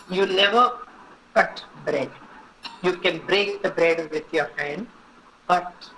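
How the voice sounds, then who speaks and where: A woman's voice: lowish voice, a bit bright, poor audio. Woman teacher, firm and repetitive, keeps checking "okay?", faint noise behind. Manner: instructive, repeats points and checks with "okay?". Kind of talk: online etiquette class.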